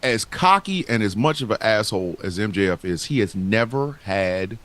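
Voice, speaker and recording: A man's voice: on the low side, lively intonation, normal speed, fairly bright tone. A man co-hosting a casual wrestling talk show, speaking in a heated, profane and emphatic way. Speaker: podcast co-host.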